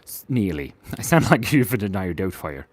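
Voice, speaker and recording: This man's low voice is very animated and fairly quick, with no room sound. While drawing on a live stream for kids, he keeps up silly, chatty commentary sprinkled with giggles and little voices.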